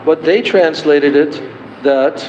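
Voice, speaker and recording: Man, spiritual teacher, slow devotional lecture, fairly high voice, roomy dull livestream sound. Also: a little mellow, a little hiss or hum. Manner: slow and deliberate, chanting verses. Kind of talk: devotional lecture explaining song verses.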